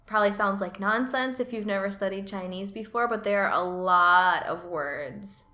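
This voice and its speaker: A woman's voice: mid-range voice, moderate pace, bright, forceful tone. A woman co-hosting a casual chat about learning Mandarin. She is chatty and laughs often. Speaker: podcast co-host. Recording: roomy echo.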